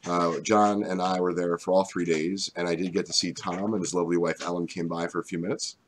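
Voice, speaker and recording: A man coming down with a cold, his voice gone deep, chatting casually on a live stream as a co-host. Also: little pitch movement, brisk, slight background noise. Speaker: card break co-host.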